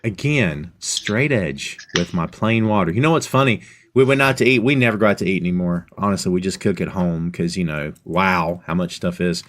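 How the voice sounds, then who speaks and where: A middle-aged man hosting a podcast in casual chat, animated, his voice jumping up when he gets excited. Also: low voice, moderate pace, slight background noise. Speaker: podcast host.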